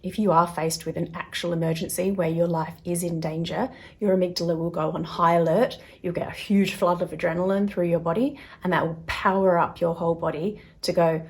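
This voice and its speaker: A woman with a lowish, steady voice hosts a self-help video, talking a little fast with hardly any pauses. She chats casually to camera, acts out little voices for quotes as she explains, and at times drops to a soft, quiet tone.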